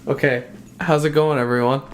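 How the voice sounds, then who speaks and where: A young man hosting a casual podcast chat, playful and quick to laugh. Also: medium pitch, faint music behind. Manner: laughs often, lively and playful. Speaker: podcast host. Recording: roomy sound with faint noise.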